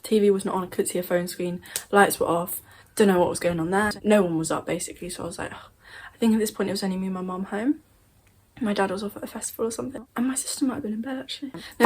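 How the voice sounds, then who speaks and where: A woman's voice: mid-range voice, a little hiss or hum. A young woman in her bedroom telling a spooky story in a casual, rambling way, correcting herself as she goes. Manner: chatty, rambling, self-correcting. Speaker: vlogger. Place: bedroom at home.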